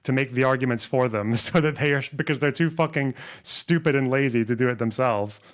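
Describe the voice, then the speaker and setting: A man's voice: medium pitch, brisk. A man streaming a live reaction, talking back at a video with profane, scornful sarcasm.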